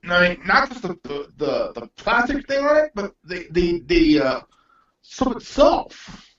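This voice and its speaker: A man chatting crudely and loosely, tripping over his words and starting sentences again and again. His voice sits a bit high for a man. He sounds set back from the mic in an echoey room, with a dull, lo-fi sound. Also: big pitch swings, unhurried, fairly bright tone, far from the mic. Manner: rambling, stammering restarts, swears freely. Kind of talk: casual crude chat.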